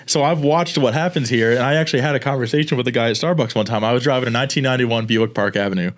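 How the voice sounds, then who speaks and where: A man from Florida hosting a casual podcast, telling stories quickly with frequent laughs. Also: medium pitch. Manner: fast, laughing storyteller. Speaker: podcast host.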